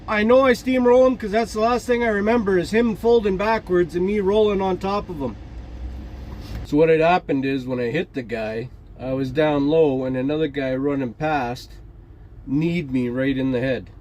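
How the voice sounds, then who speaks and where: Man, forties, trucker vlog chat, high voice, rambling jokey stories, faint traffic outdoors. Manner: rambling, jokey storytelling with fillers and laughs. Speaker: trucker vlogger.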